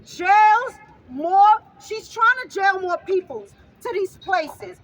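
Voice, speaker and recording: A grieving mother speaking at an outdoor rally, fervent and repetitive, often rising to a shout. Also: extremely high pitch, lively intonation, takes it slowly, a little hiss or hum, low-quality recording. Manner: fervent, raises voice to a shout, repeats phrases. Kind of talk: impassioned protest speech.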